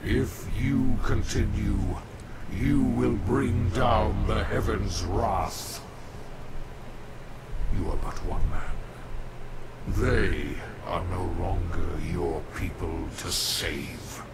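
An actor playing a stern, deep-voiced man who solemnly warns the hero in a video game cutscene. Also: extremely slow, very noisy. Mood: grave. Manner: grave, solemn warnings.

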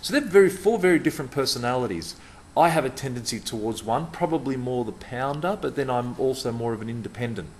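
A man's voice: mid-range voice, expressive, fast talker, slight background noise. A middle-aged man giving a punchy, emphatic talk to camera about customer service, repeating words for stress.

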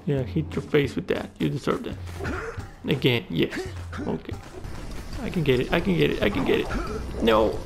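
A man's voice: on the high side, expressive, normal speed, creaky, long pauses. A man giving profane, exclamatory commentary while playing a video game. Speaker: gaming YouTuber. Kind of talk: let's play commentary. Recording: game music playing behind the voice.

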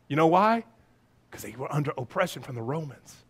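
A man preaching a lively, playful sermon as pastor, breaking into shouts and silly voices. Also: high-pitched, quick pace.

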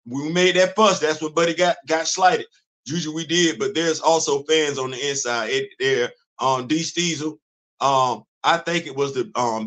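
A man's voice: fairly high pitch, a bit bright. A man, hosting a casual livestream and talking in an emphatic, repetitive way, often laughing. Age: 50s. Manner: emphatic, preachy, repeats phrases, laughs often. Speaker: livestream host. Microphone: computer mic on a streaming setup.

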